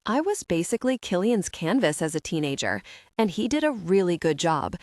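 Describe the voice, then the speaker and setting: A woman narrating a romance audiobook in a steady, even reading voice. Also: on the low side, normal speed, dry recording, studio quality. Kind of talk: scripted narration.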